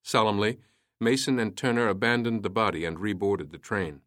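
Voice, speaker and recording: A man reading a story aloud in a measured, steady way. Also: on the low side, dry recording, studio quality. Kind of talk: storytelling narration.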